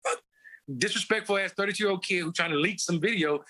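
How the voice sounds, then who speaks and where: A man's voice: sits high, fast talker, bright, forceful tone. A man hosting a casual political talk show, hyped up, profane and teasing his co-hosts. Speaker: show host.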